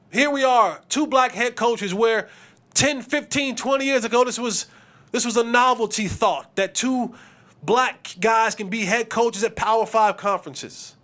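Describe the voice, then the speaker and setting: A man's voice: very high voice, measured pace, a bit bright. A man hosting a sports podcast, talking emphatically with repetition and slang. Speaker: podcast host.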